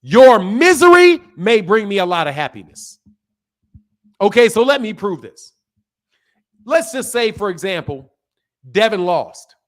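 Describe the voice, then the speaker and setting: A man's voice: high voice, sing-song, a little slow, pauses often. A man hosting a boxing channel, talking bluntly and profanely and repeating himself as he rants at his viewers in heated casual commentary.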